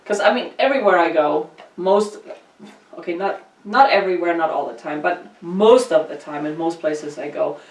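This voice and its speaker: A woman's voice: moderate pace, distant mic. Playful woman host, echoey room. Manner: playful, imitates her dog in a squeaky voice. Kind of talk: casual chat.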